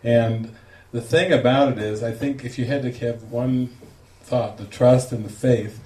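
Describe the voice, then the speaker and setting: A man, a spiritual teacher, telling a lively story to a group and acting out the quoted lines with laughter. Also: medium pitch, a little slow. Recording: echoey room, distant mic, faint noise.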